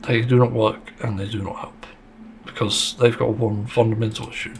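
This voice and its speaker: A man with a low-pitched, gravelly voice talks through a casual solo podcast monologue. He speaks bluntly and swears freely, and slips into sarcasm now and then. Faint ambient noise sits behind him. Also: level tone, normal speed. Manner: blunt and sweary, with a frank complaining tone; sarcastic at times. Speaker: podcast host.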